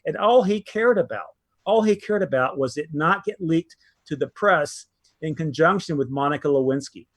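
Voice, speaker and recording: A man's voice: fairly high pitch, expressive, moderate pace, no echo. A man telling a story as an interview guest, emphatic, with frequent restarts. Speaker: guest, former military aide.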